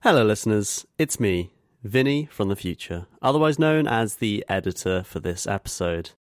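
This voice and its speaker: A man's voice: fairly low pitch, animated, normal speed, dry recording. Male co-host, laid-back, short dry remarks. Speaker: podcast co-host and editor. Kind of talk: casual chat.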